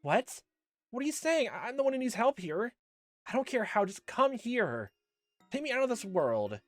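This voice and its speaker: A man voicing a frantic young girl in a game playthrough, crying out loudly and pleading for help. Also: very animated, normal speed, no room sound, soft background music. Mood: desperate pleading. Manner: shouting, high and strained.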